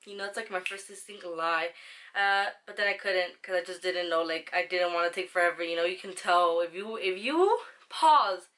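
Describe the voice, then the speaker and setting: Bright-voiced young woman telling a story. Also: lowish voice, normal speed. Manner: chatty, rambling, slangy with swearing. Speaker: vlogger. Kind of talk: casual storytime chat.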